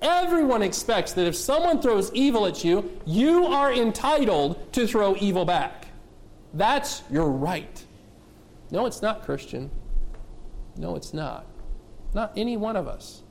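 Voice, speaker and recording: Male pastor, high voice, emphatic sermon, lots of rhetorical questions. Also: big pitch swings, unhurried, creaky. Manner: addresses kids and adults directly.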